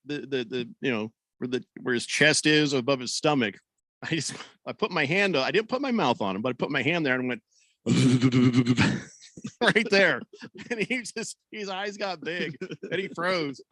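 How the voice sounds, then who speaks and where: A man's voice: on the high side, sharp tone, no echo. A man hosting a sports radio show in a loose, joking way, a little out of breath, rambling and restarting as he tells a story. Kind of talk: casual sports radio talk. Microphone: studio microphone.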